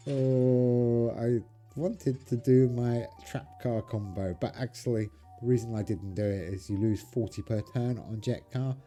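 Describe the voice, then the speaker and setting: A mellow, mid-range male voice belongs to a game channel host who chats casually with his viewers while playing a card game, keeping up a relaxed gameplay commentary.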